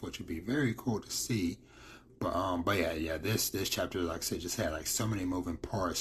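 A man's voice: low voice, fairly bright tone, slight background noise. A man giving a casual, rambling recap of manga chapters, full of fillers and quoted lines.

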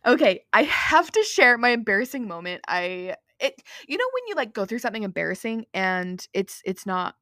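A woman's voice: on the high side, very animated, moderate pace, hardly any pauses, a bit bright, dry recording, clean studio sound. A young woman from Utah hosting a podcast, chatting in a bubbly storytelling way. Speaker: podcast host. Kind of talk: casual solo podcast chat.

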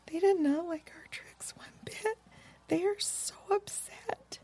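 A woman voicing a young girl raccoon dog in a storybook, in whispered role-play, speaking softly and sadly. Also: very high voice, slow pace, pitched above the performer's own voice, exaggerated voice.

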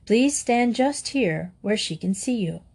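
A woman reading aloud, voicing a calm, gentle older male doctor in a storybook. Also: on the high side, unhurried, vocal fry, husky, full character voice.

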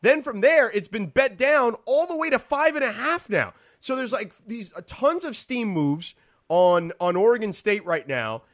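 A man hosting a sports talk show, chatting casually with quick, animated asides. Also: sits high, dry recording, clean studio sound.

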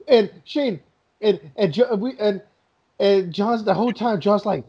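A man's voice: high-pitched, moderate pace, warm tone, husky. A man in a casual, profane chat with friends, telling stories and mimicking people. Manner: swears a lot, mimics people in quoted voices. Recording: dull lo-fi sound.

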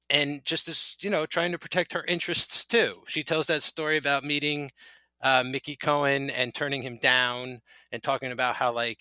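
Man, podcast co-host, casual rambling chat, bright voice, dry close sound. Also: medium pitch, smooth, no echo. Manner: chatty, rambling with many fillers.

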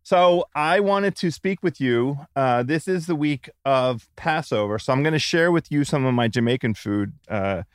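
A man's voice: medium pitch, expressive, moderate pace, few pauses, smooth, no room sound, studio quality. A man hosting a podcast, chatting casually and joking with guests. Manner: upbeat, jokey. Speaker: podcast host. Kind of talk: casual chat with ad read. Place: away on a trip, remote call.

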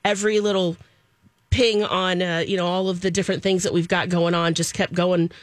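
A woman's voice: fairly low pitch, flat delivery, a little fast, no room sound. Chatty upbeat woman, dry studio sound. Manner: chatty, upbeat, frequent laughs. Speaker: entertainment news co-host. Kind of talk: casual radio show banter.

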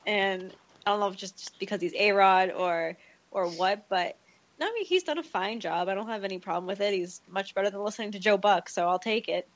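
A woman's voice: mid-range voice, fairly quick, highs cut off. A woman giving her opinions on a sports podcast. She is frank and opinionated in a mid-range voice. She stops and restarts her sentences as she thinks. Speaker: podcast co-host. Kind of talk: casual sports chat.

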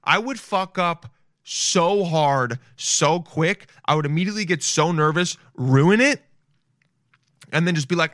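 A man's voice: on the high side, normal speed, pauses often, sharp tone, no echo, clean studio sound. A young man streaming and reacting to videos in loose, swearing, self-mocking casual talk.

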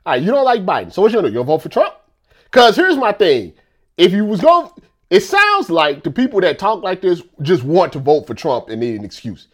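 A man's voice: high-pitched, brisk. Guy going off on a rant, keeps asking "you know what i'm saying", voice jumps all over. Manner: animated, repeats himself, rhetorical questions. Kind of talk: casual political rant.

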